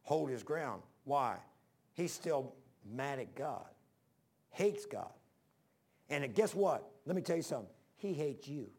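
A man's voice: mid-range voice, animated, slow, vocal fry, a little mellow, husky. A male preacher giving a folksy, rambling sermon, talking straight to his congregation.

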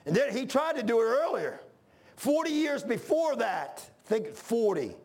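High, gravelly fervent preacher man. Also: big pitch swings, measured pace. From Washington, D.C. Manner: fervent, often shouting; folksy, says "man" a lot. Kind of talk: sermon.

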